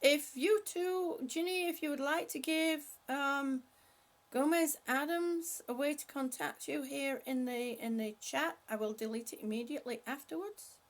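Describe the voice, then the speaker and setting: An older woman hosting a casual livestream, calling out gentle stretches and chatting with viewers as she reads their comments aloud. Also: high-pitched, unhurried. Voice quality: breathy at times. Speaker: livestream host leading stretches. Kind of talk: casual livestream chat and exercise cues.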